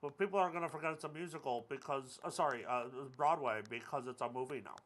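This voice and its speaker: A man's voice: medium pitch, fast, fairly bright tone. A young man giving casual commentary over his gameplay, joking, rambling and cursing at the game. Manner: jokey, rambling, swears at the game. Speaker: gaming video creator.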